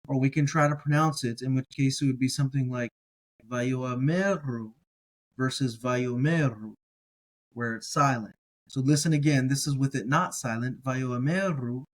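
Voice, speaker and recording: A man teaching a relaxed, casual language lesson, carefully sounding out each word slowly and repeating it, with encouraging asides. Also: mid-range voice, low-quality recording. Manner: relaxed, encouraging, thinks aloud with fillers. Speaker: Hebrew teacher.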